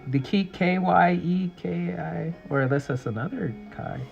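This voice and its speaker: Male streamer, excitable rambling chatter, gravelly tone, faint music underneath. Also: a little high, a little slow, muffled recording. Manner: rambling and excitable, full of fillers. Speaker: artist streaming a drawing session. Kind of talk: casual livestream chat while drawing.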